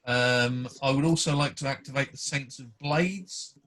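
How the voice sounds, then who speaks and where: A man's voice: mid-range voice, unhurried, fairly bright tone. A polite man playing a tabletop role-playing game and reading the rules aloud. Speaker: player.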